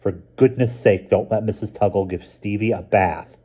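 A man reading a storybook aloud, voicing an excitable young girl who rushes out urgent warnings. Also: lowish voice, slightly rough, lo-fi sound.

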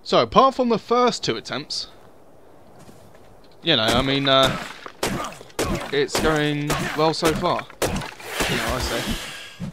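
A man's voice: on the high side, animated, slow, long pauses, sharp tone, a little hiss or hum. A young man giving casual, sweary commentary over a survival game, muttering asides to himself. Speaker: gaming video host.

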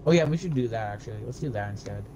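A man's voice: lowish voice, lively intonation, racing, over a noisy crowd, poor audio. A young man joking around and giggling through casual gameplay chat. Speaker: gaming co-player.

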